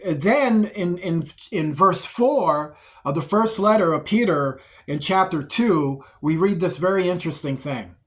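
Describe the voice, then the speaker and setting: A man's voice: high-pitched, lively intonation, unhurried, few pauses. A man giving a spoken Bible teaching, speaking in repetitive lists and often restarting his phrases. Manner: repetitive, list-like delivery with frequent restarts.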